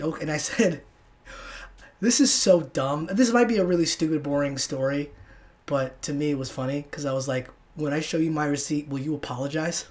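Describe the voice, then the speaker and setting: A man's voice: fairly high pitch, normal speed. A young man from Texas hosting a solo podcast, telling a rambling story with many restarts and casual swearing. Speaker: podcast host.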